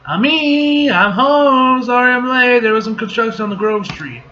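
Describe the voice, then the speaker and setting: A man's voice: high-pitched, expressive, fast talker, fairly bright tone, lo-fi sound, voice pushed up. A man voicing a tired, sulky teenage girl superhero as he reads a comic aloud. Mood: weary. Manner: reading comic lines aloud.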